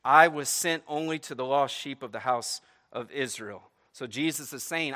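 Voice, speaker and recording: A man preaching a sermon, animated, breaking into dramatic pleading voices as he retells a story and checking in with "right?". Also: medium pitch, normal speed. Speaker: pastor.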